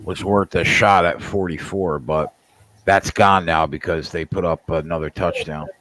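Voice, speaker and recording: Deep-voiced New man. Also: fairly even intonation, unhurried, a bit bright, a little hiss or hum. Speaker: podcast co-host, bettor. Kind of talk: casual chat about betting.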